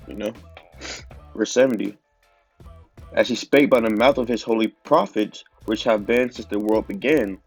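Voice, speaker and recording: A man's voice: lowish voice, darkish tone. A man with a stuffy nose giving an informal religious teaching, talking casually with lots of fillers. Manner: casual, conversational preaching with many fillers. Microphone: phone.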